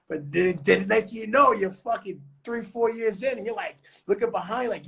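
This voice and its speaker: A man's voice: sits high, normal speed, vocal fry, few pauses, a bit bright, husky. A young man from New York talking on a podcast in a loose, slangy, profane way. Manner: slangy, profane, street talk. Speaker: podcast co-host. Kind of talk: casual podcast chat.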